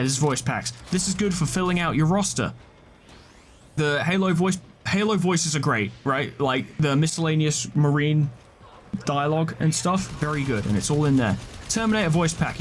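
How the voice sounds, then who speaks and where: A man rambling casually as he commentates a video game list, tossing out quick offhand verdicts and the odd swear. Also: fairly high pitch, a little hiss or hum. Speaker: gaming video creator.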